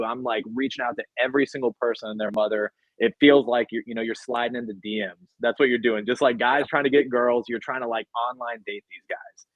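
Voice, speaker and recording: A man's voice: medium pitch, fairly even intonation, brisk, few pauses, no room sound, highs cut off. A man, a podcast guest, telling his career story in casual, rambling talk full of fillers. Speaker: podcast guest, sports agent. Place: podcast studio.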